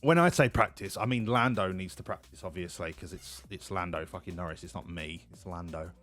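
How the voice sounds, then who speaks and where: A man's voice: low voice, brisk, a bit bright, faint music behind. A man casually commentating a game on a live stream, joking, swearing and laughing often. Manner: jokey, profane, laughs often.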